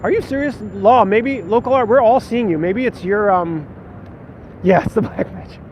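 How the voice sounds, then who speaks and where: A man's voice: high-pitched, moderate pace. A man, a vlogger and stage actor, chatting casually in a rambling, self-deprecating way while he walks and reads viewer comments aloud. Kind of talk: casual live-stream chat while walking. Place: city street outdoors. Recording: muffled lo-fi phone audio with loud street noise.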